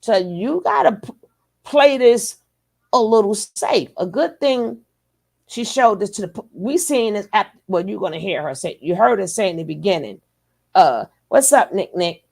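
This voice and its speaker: A woman's voice: mid-range voice, animated, normal speed, vocal fry, a little mellow. A woman hosting a reaction channel, giving emphatic, conversational commentary.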